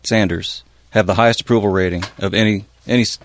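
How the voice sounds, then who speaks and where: A man co-hosts a political chat in a measured, matter-of-fact way. His voice is fairly low. It is recorded close and dry. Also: steady tone, dry recording. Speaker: podcast co-host.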